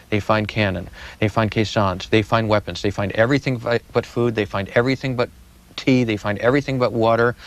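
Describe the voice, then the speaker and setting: Low-voiced man telling history dramatically. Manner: vivid dramatic storytelling with repetitions. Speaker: historian guest. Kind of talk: storytelling interview answers.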